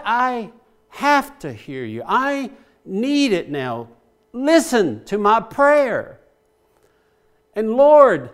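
A male preacher giving a sermon, praying aloud with passion as he paraphrases scripture. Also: extremely high pitch.

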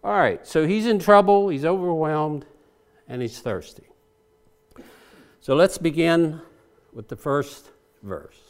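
A man's voice: on the high side, slow, long pauses, smooth. A male preacher giving a sermon, praying aloud with passion as he paraphrases scripture.

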